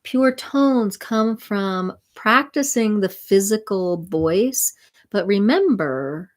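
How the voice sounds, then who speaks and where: A woman spiritual mentor and sound healer, talking gently and soothingly to viewers of a live stream. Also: medium pitch, animated, takes it slowly.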